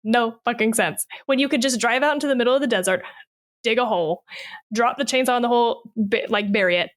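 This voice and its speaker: A woman's voice: on the high side, quick pace. A woman co-hosting a horror movie podcast in casual chat, ranting sarcastically with swearing and frequent laughs. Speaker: podcast co-host.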